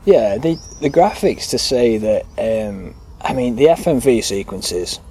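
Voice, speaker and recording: A man's voice: mid-range voice, lively intonation, unhurried, warm tone, slightly rough. A man co-hosting a casual podcast, rambling with lots of fillers and frequent laughter. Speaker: podcast co-host. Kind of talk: casual chat.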